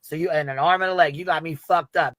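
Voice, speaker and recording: A man tearing into someone at a fast clip with a bright, tense voice. He swears heavily and talks in a confrontational way. The recording is dry and close. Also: a little high, steady tone, no room sound. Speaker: creator in a played clip. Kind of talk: angry rant.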